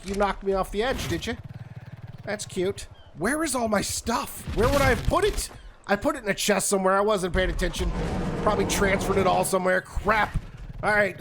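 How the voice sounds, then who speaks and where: A man giving animated, exasperated commentary while he plays a survival game, often talking straight to the game itself. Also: sits high, slight background noise. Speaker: gaming YouTuber.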